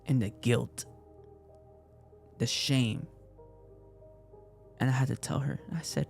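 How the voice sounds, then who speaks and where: A young man retelling a personal story in an emotional, halting way, repeating himself often. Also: mid-range voice, steady tone, creaky, a little mellow, faint music behind. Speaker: casting participant.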